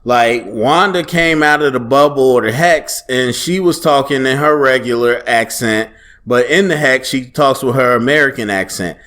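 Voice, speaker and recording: A man's voice: mid-range voice, moderate pace. A man giving a casual solo review of a TV episode, talking loosely and animatedly and quoting lines as he goes. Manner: conversational, animated, quotes dialogue in a loose relaxed tone. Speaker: TV show reviewer.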